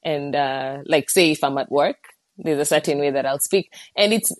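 A woman's voice: low-pitched, moderate pace, no echo. A woman from Kenya, talking casually in a book discussion, often laughing and saying "like". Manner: relaxed, laughs easily, hedges with "like". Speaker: book club guest.

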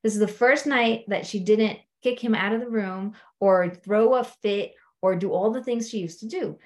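A woman coach telling stories from her clients in an animated, conversational way, often checking in with her listeners. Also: mid-range voice, moderate pace, few pauses. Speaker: life coach. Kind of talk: storytelling coaching talk.

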